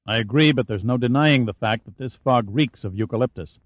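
A man voicing a tense male helicopter pilot in a low, grave, insistent tone, in a dull, dry audiobook recording. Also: a little fast, dry recording, close to an everyday voice. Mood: urgent.

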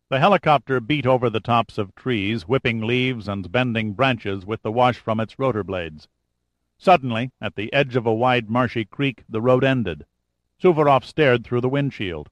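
Steady male audiobook narrator, dry sound. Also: medium pitch, dry recording. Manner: steady, measured storytelling. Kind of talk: scripted narration.

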